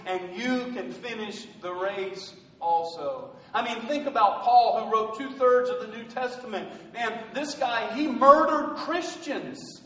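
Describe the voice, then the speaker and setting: In a large church hall, a male pastor with a very high-pitched, slightly bright voice preaches a rousing sermon, unhurried and with hardly any pauses. He poses rhetorical questions to the congregation, captured from far off in an echoey space.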